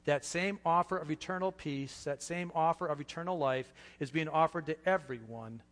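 A fairly high-voiced man preaching a sermon in a church, his words ringing out with a long hall reverb. He talks with passion, sinking to a hush and then swelling loud again. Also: moderate pace. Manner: impassioned, swings from hushed to loud. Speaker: pastor.

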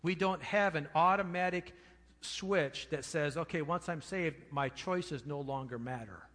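A man's voice: a little high, fairly bright tone. Emphatic preacher man in echoing hall. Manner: emphatic, slow repetition of key words. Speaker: pastor. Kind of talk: sermon. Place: church sanctuary. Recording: long reverb of a church hall.

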